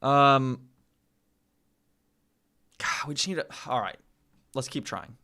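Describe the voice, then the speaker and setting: Slow, bright-voiced man repeating words. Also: medium pitch. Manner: repeats words over and over, self-mocking and exasperated. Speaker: vlogger learning a language. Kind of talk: casual vlog practice session.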